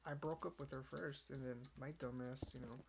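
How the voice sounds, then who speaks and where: A gravelly, steady voice of medium pitch comes from a young man hosting a laid-back podcast at normal speed. He wanders off topic, swears, and leans on "you know" in nearly every line, over keyboard clicks and noise.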